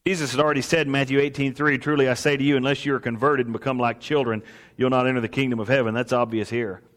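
A man preaching a sermon, swinging from soaring exclamations to hushed asides and acting out the voices of the people in his story. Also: medium pitch, fairly even intonation, quick pace, in a large hall. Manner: acts out voices of priests and merchants. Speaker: pastor.

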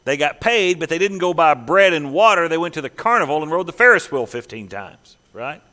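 A man preaching a sermon as pastor, emphatic, dropping to hushed, slow lines and rising again. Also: a little high, sing-song. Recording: long reverb of a large hall.

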